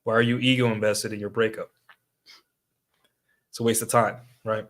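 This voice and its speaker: A man's voice: fairly low pitch, level tone, normal speed, a bit bright. Man ranting casually on a livestream. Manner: conversational, many fillers and tag questions. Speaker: streamer.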